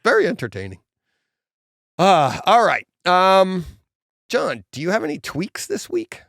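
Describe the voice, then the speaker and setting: A man's voice: high voice, huge pitch swings, measured pace, vocal fry, fairly bright tone, dry recording, studio quality. A man co-hosting a podcast, telling stories animatedly, mimicking people and laughing often. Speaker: podcast co-host. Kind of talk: casual chat.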